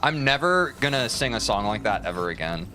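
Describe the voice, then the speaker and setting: A man's voice: on the low side, sing-song, brisk, bright, forceful tone, faint music behind. A man streaming a platform game, joking and rambling at his chat and mocking himself. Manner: jokey, rambling, self-mocking, talks to chat. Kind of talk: casual live-stream commentary while playing.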